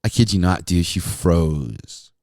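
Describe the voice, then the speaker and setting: A low-pitched, expressive man talks at a slow pace in a slightly mellow voice, recorded dry with clean studio sound. Formerly a radio DJ and now a podcast host, he tells casual stories in a monologue, laughing often and saying "dude" and "man."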